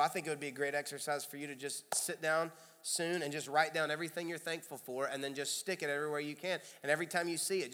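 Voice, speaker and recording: A pastor with a Kentucky accent preaching a sermon in a conversational way, with loud emphatic bursts. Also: male voice, on the high side. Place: large church sanctuary. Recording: long hall reverb.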